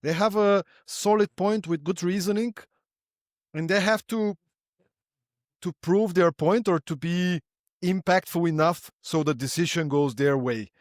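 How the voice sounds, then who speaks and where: A man's voice: high-pitched, unhurried, dry recording, studio quality. A man hosting a podcast interview, friendly, building long questions with restarts. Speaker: podcast host.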